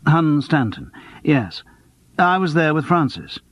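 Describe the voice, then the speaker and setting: A man voicing a low-key, rueful actor who dabbles in detection, in an audiobook. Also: very animated, slow pace, fairly bright tone, no room sound, heavily acted. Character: Charles, subdued male actor-sleuth. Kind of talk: audiobook character voice.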